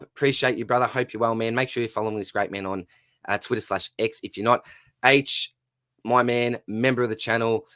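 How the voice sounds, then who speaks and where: A man hosting a channel giveaway draw, calling an online race in lively commentary while losing his voice. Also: fairly low pitch, no room sound, clean studio sound. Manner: excitable race-caller, rising and fast at the finish.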